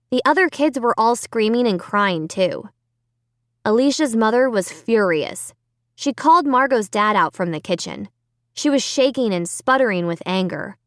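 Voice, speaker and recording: A woman reads a children's horror story in first person, with a fairly high voice that rises and falls a lot. The sound is dry and close to the microphone, with no room around it. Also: dry recording. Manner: expressive dramatic reading. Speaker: audiobook narrator. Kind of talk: scripted first-person narration.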